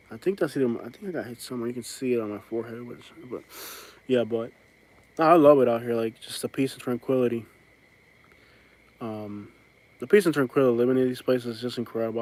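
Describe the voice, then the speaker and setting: A man talks into a handheld phone outside on his rural land, wandering from thought to thought. His voice sits at an ordinary middle pitch, with plenty of "like" and "um" as he restarts sentences. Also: steady tone, fast talker. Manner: rambling, many fillers and restarts. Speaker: vlogger hosting a live stream. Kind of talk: casual rambling live stream. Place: outdoors on his rural property.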